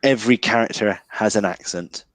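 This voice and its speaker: A man's voice: lowish voice, normal speed, fairly bright tone, dry recording. A man talking about a film as a guest in a casual chat, hesitant and full of restarts. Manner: hesitant, restarts with many ums.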